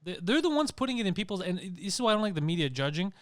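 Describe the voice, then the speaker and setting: A man's voice: high voice, big pitch swings, rapid-fire, dry recording, clean studio sound. A man co-hosting a comedy podcast, ranting in casual, profane banter. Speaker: podcast co-host.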